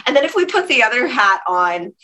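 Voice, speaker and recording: A woman in her forties chatting casually as a guest, a candid and lively storyteller who laughs often. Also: fairly high pitch, brisk, rough recording. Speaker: podcast guest. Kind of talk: casual chat.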